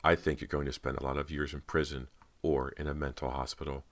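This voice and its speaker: A cold, cruel teenage ghost speaks in a flat, slow, quiet voice, as a male reader puts her on. Every word is dry and unhurried. The voice stays very deep. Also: dry recording. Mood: mocking. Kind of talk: audiobook character voice.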